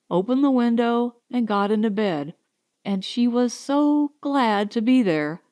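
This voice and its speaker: A woman narrating an audiobook in a slow, expressive reading voice. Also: fairly high pitch. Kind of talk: scripted narration.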